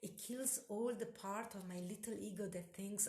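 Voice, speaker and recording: A woman hosting a solo podcast, delivering a slow spiritual monologue with incantatory, repetitive phrasing. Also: medium pitch, steady tone, mellow, roomy sound.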